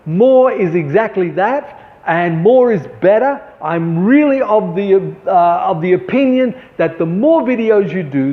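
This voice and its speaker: A man giving artists a motivational talk, earnest and preachy, repeating his points for emphasis. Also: high-pitched. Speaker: artist and show host. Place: gallery. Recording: dull sound with long hall reverb.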